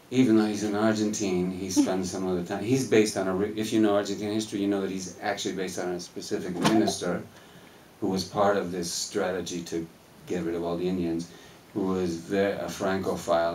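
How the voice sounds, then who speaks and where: A man on a film Q&A panel, talking in a rambling, animated way and laughing as he tells stories in a cinema hall. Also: low voice, distant mic, a little hiss or hum. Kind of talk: casual live Q&A storytelling. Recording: echoey hall, mic heard from afar.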